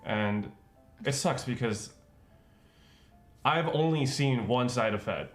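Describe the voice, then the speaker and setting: A man's voice: mid-range voice, slow pace, soft background music. A young man, a streamer co-host, talking earnestly in casual chat and leaning on filler words. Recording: roomy echo.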